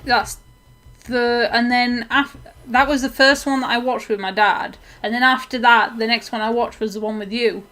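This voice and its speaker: A woman's voice: on the high side, fairly even intonation, moderate pace, sharp tone. A woman from England chatting casually, blunt and laughing, swearing now and then. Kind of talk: casual chat.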